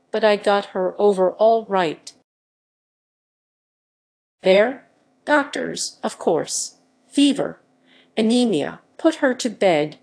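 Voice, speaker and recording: A woman reading a classic novel aloud as an audiobook narrator, in a measured, steady manner. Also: medium pitch. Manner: slow, measured reading with quoted voices kept close to her own. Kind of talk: scripted narration.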